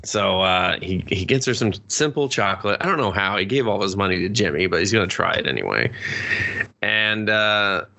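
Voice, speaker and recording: Man, movie podcast co-host, casual profane recap, lowish voice, bright tone. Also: animated, vocal fry. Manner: profane, recounts scenes with quick impressions of characters.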